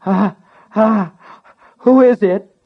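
A man's voice: high-pitched, lively intonation, fairly quick, muffled recording, pitched above the performer's own voice. A man voicing a frightened young boy in a shrieking little voice. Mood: panicked.

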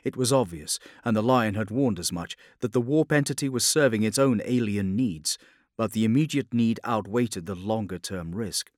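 Grave low-voiced male narrator. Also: a little mellow, no echo, studio quality. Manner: measured, grave storytelling. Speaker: audiobook narrator. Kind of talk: scripted dramatic narration.

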